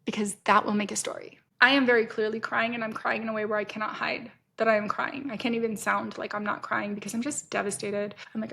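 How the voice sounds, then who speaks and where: A woman's voice: a little high, flat delivery, a little fast, gravelly, hardly any pauses, a bit bright, a little hiss or hum. A woman in her fifties hosting a podcast, telling a story bluntly in a casual, profane, self-interrupting monologue. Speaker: podcast host.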